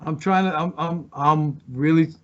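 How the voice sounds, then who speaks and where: A man's voice: on the high side, steady tone, unhurried, fairly bright tone. A man, a former pro wrestler, telling wild stories as a podcast guest, swearing freely and laughing often. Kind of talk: casual chat, telling road stories. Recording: muffled lo-fi recording.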